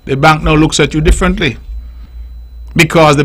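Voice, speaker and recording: A man's voice: a little high, fairly even intonation, normal speed, pauses often, a bit bright, low-quality recording. A middle-aged man with a Nevisian accent, hosting radio call-in commentary in an emphatic, repetitive, preaching way on a studio microphone. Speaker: radio talk show host.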